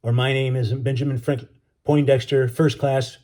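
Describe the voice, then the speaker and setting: A man voicing a kindly, gruff Marine who talks in folksy slang to calm a scared boy. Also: medium pitch, moderate pace, natural voice. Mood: reassuring. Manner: folksy, reassuring, drawling slang.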